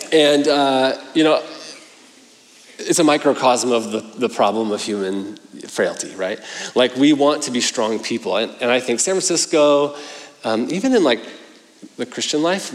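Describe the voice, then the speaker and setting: A man in his thirties delivers a relaxed sermon, telling stories in a chatty, self-mocking way with plenty of fillers. His voice sits in an ordinary middle pitch. A long hall reverb trails behind every phrase. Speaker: pastor. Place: church hall.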